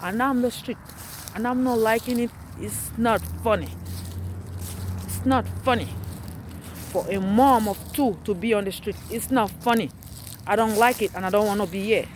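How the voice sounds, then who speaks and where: A woman vlogging outdoors on a dark street at night, ranting in an agitated, repetitive way as she walks, with passing traffic behind her. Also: a little high, normal speed, long pauses. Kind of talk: angry street vlog rant.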